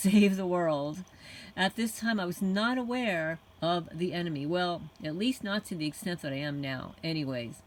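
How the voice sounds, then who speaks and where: A woman channel host reading a written testimony aloud in a soft-spoken way, chuckling often. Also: on the low side, rough recording.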